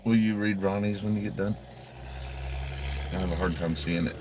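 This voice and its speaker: A man's voice: low-pitched, fairly even intonation, moderate pace, noisy background. Blunt, cussing man on a livestream. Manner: blunt, heavily profane, agitated. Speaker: livestream host reading viewer donations. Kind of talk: casual livestream chat.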